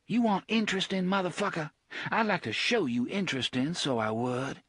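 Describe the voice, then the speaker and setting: A man voicing a fierce, sharp-tongued woman, raising his pitch and speaking with biting anger. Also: normal speed, dry recording. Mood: furious. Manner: raised pitch, biting and angry.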